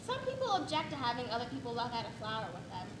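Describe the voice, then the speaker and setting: An actress playing a curious young woman who asks quick, probing questions. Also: fairly high pitch, wildly swooping pitch. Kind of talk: stage play. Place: echoey theater stage. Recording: echoey stage recording with background noise.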